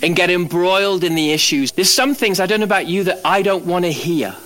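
A man preaching a sermon as pastor, animated, swinging from loud emphatic lines to low quiet ones. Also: brisk.

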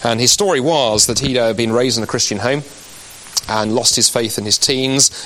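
A man's voice: fairly low pitch, quick pace, fairly bright tone, slight background noise, rough recording. A man with an English accent giving a live, conversational and persuasive Christian apologetics talk to an audience, dropping frequent "you know" asides.

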